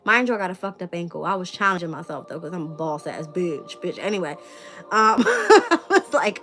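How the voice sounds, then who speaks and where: A woman's voice: mid-range voice, lively intonation, normal speed, sharp tone, soft background music. A woman hosting a tarot channel in a casual live-stream chat, blunt and profane and laughing often. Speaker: tarot reader and channel host.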